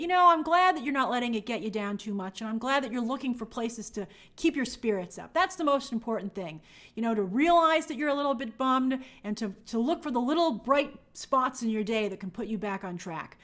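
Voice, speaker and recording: A woman's voice: on the high side, lively intonation, a little fast, a bit bright. A woman hosting a livestream, chatting casually and reading viewer comments aloud in an upbeat way. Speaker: livestream host reading chat. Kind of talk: casual live chat.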